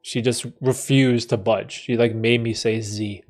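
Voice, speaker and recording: A man in his thirties hosting a live stream, reading out chat comments and answering them in a relaxed, chatty way, laughing often and restarting his sentences. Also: medium pitch, measured pace, soft background music. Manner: laid-back, laughs often, trails off and restarts. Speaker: livestream host answering chat.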